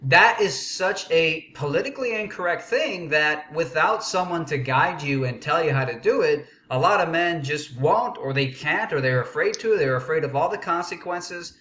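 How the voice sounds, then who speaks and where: A man's voice: a little high, lively intonation, moderate pace, few pauses, sharp tone, echoey room. A man hosting a casual interview who speaks fluently, bluntly and emphatically. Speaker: interview host.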